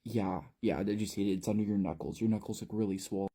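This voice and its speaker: A man voicing a manipulative teenage boy who talks in a soft, coaxing, falsely caring way, in a storytelling recap. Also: fairly low pitch, fast, breathy edge.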